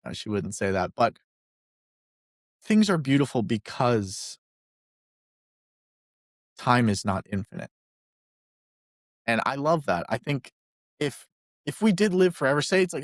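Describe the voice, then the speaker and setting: A man in mid pitch chats loosely on a podcast, playful and upbeat, dropping into squeaky put-on voices for a joke. He sits close to the mic in a dry, dead room. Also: animated, a little slow, long pauses, no echo. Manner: chatty, playful, jokes in silly high voices. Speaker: podcast co-host. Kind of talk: casual podcast chat.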